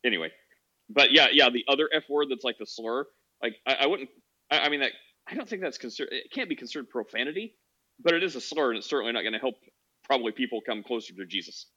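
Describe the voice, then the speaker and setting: Host type: joking, rambling man, forceful bright tone, muffled lo-fi line. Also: medium pitch, lively intonation, quick pace. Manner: rambling, joking, laughs often. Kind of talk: casual chat.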